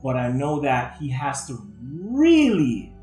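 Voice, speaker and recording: A man's voice: medium pitch, huge pitch swings, takes it slowly, darkish tone, reverberant, soft background music, poor audio. A man in his thirties talking earnestly and emotionally about fatherhood, with casual slang, in a candid podcast conversation. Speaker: guest.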